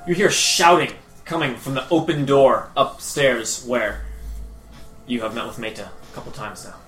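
A man's voice: mid-range voice, normal speed, a bit bright, soft background music. A man narrating a tabletop game as game master, descriptive with fillers, in an echoey room.

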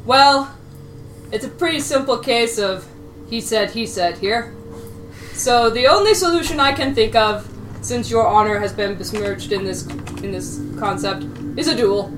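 A woman's voice: a little high, a little slow, lightly acted. A woman voicing a stern, impatient male king in a tabletop game, with weary, dismissive authority. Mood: judging. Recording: echoey room with background noise.

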